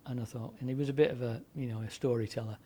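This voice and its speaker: Very fast and dark-toned, a mid-range male voice holds a steady pitch as he rambles through long stories. He is a man in his seventies who used to work as a DJ and broadcaster, and his anecdotes are loaded with fillers and restarts. A little hiss or hum sits underneath.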